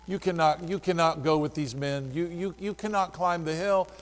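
A man's voice: on the high side, normal speed, long reverb tail, natural voice. A man voicing a worried local pastor who warns in broken English, repeating himself. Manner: urgent, repetitive warning.

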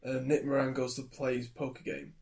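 A man chats about films with friends, his voice mid-pitched and animated. He laughs often and tells his favourite moments with relish. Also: brisk, vocal fry. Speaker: podcast co-host. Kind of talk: casual chat.

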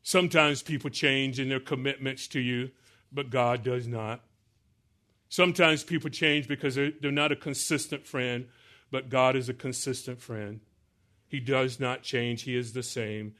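A man preaching a sermon to a congregation, drawing answers from the pews, joking about aging, and slowing down to stress scripture lines. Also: mid-range voice, fairly even intonation, sharp tone. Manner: call-and-response preaching, asks the congregation to answer. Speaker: pastor.

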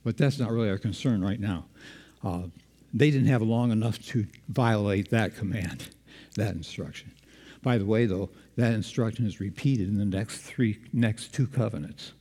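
A man's voice: fairly low pitch, normal speed, warm tone, breathy edge, in a large hall. A man preaching a sermon, engaging the congregation with questions.

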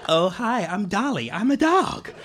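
A man's voice: medium pitch, very animated, measured pace, fairly bright tone, pitched below the performer's own voice. British man putting on a cheery little dog. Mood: cheery simple. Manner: bad American accent. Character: simple friendly small dog.

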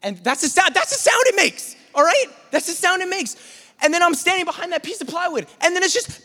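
A man telling a lively personal story in a sermon, sometimes imitating gunfire and shouting. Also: very high-pitched, fairly quick. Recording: long reverb of a hall.

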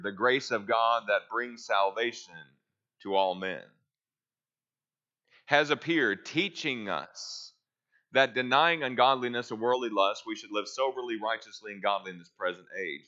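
A man's voice: mid-range voice, pushed and bright, dull audio. A man teaching a Bible class, reading verses aloud and asking his listeners questions that he then answers himself.

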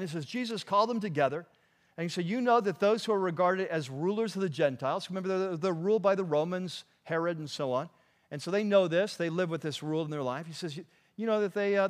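Man, pastor, high-pitched voice, conversational sermon, restarts and asides.

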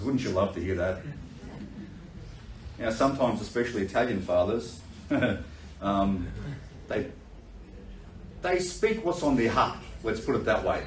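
A man preaching a sermon, telling a Bible story in a lively way and acting out the characters with laughter. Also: fairly low pitch, a little slow, pauses often, a little hiss or hum. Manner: animated storytelling, acts out voices with laughter. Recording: echoey room, voice from a distance.

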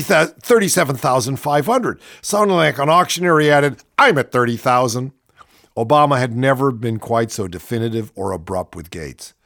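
A man's voice: mid-range voice, no echo, clean studio sound. A man reading passages from a book aloud and breaking off into sarcastic, mocking asides.

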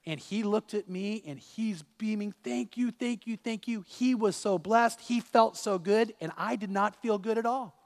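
High-voiced preacher in an echoey hall. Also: male voice, normal speed, hardly any pauses. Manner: storytelling preacher, with repeated words and restarts. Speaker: pastor. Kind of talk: sermon.

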